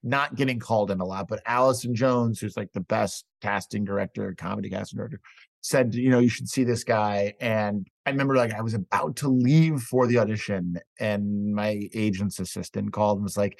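A man's voice: on the low side, a little fast, gravelly, dry recording. Profane storytelling man, dry sound. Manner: profane, animated storyteller, riffing. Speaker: guest actor. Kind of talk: casual podcast chat, storytelling.

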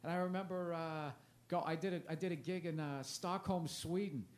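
A man's voice: on the high side, fairly even intonation, moderate pace. A man in his forties, a comedian talking in a loose, rambling, self-mocking way with plenty of swearing. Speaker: comedian guest. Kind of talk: casual chat. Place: festival interview.

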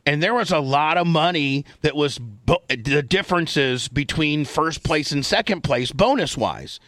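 Profane, animated middle-aged radio host. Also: male voice, a little high, measured pace, no room sound. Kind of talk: casual storytelling chat.

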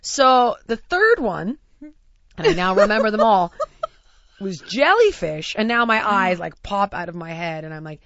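An American woman telling a lively, laughing anecdote in casual chat. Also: medium pitch, unhurried, no echo, highs cut off. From United States.

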